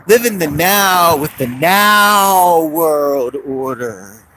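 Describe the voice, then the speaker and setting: A mellow, drawling hippie dude, as a man puts him on. He stretches every phrase out lazily, his pitch sitting a little high. A faint hum runs underneath. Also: expressive, drawn-out words, exaggerated voice, low-quality recording. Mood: laid-back. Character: laid-back hippie man at a bar.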